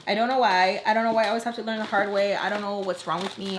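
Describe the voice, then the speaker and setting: A woman's voice: medium pitch, steady tone, racing, slight background noise. A young woman vlogger chatting casually through a storytime while doing her makeup, full of "like" and acted-out quotes. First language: English. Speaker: beauty vlogger.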